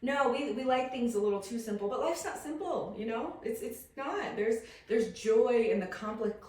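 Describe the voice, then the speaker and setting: A woman's voice: fairly high pitch, animated, normal speed, a little mellow. A woman hosting a podcast, chatting casually and bubbly, laughing often and repeating words. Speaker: podcast host. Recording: echoey room, distant from mic.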